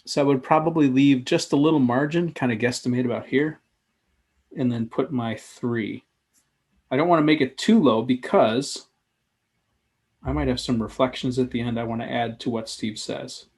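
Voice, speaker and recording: A man's voice: mid-range voice, moderate pace, darkish tone, breathy edge. A man giving live commentary in a drawing tutorial, talking casually and thinking aloud as he sketches. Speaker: sketchnoting instructor.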